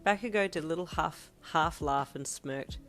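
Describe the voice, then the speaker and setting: A woman reads a fan fiction story aloud, calm and steady. Her voice is low, and faint music plays underneath. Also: moderate pace. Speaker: reader.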